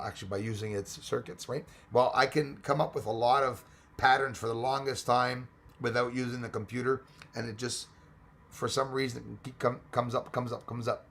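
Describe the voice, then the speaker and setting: A man hosting a casual live-stream chat, rambling and excitable, thinking aloud as he reads from the screen. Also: medium pitch.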